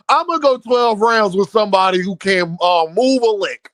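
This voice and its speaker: A young man rants casually about boxing in a high, lively voice that swings up and down. His tone is bright and sharp, recorded dry and close with no room sound. He trash-talks freely and keeps breaking into laughter. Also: moderate pace, hardly any pauses, no room sound. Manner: animated, trash-talking, laughing often, repeats words. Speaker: boxing commentator. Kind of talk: casual opinion rant.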